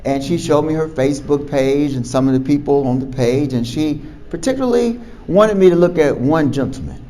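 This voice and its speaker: A man who is a doctor, telling a patient story to camera in an animated way, chuckling and repeating words as he goes. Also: fairly high pitch, normal speed, slight background noise, rough recording. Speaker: physician.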